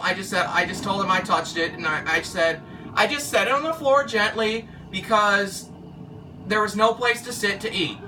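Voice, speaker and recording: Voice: medium pitch, distant mic, noisy background. A former car wash worker telling a story casually, rambling and losing track of the thread. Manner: rambling, loses track and restarts.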